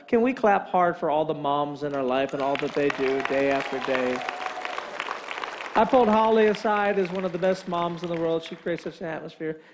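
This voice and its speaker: A male pastor telling a humorous story in a sermon, reeling off rapid lists of chores and often checking in with "right?". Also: a little high. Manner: animated joke-telling, rapid-fire lists, frequent "right?".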